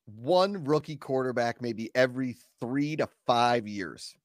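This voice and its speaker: A man's voice: mid-range voice, unhurried, no echo, clean studio sound. A playful man hosting a podcast in casual, joking chat. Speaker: podcast host.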